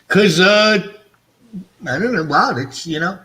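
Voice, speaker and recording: Speaking slowly in a high, animated voice that sounds pushed and bright, the middle-aged host of a fish-keeping livestream rambles casually. He's self-mocking and swears freely, and his speech bears the mark of missing front teeth.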